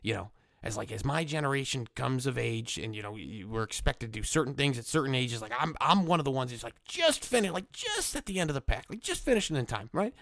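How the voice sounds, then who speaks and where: A young man with a cold telling a rambling comic story, full of fillers, sometimes jumping into squeaky voices for the people he quotes. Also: sing-song, brisk, gravelly, a bit bright, no room sound, clean studio sound. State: nasal from a cold. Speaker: comedy podcast host.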